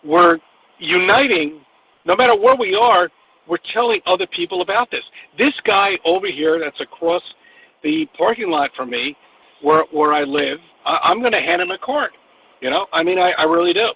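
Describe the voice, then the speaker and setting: A man with a New York accent, his voice high and gravelly, swinging up and down as he rambles and swears with emphasis. His voice comes through a thin, phone-like line with a faint hiss behind it. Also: lively intonation, normal speed. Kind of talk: casual online conversation.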